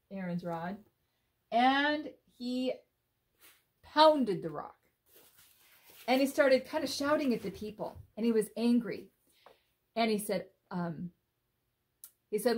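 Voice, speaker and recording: A woman in a mid-range register brings a Bible story to life for kids, speaking expressively and often pausing to ask her young audience questions.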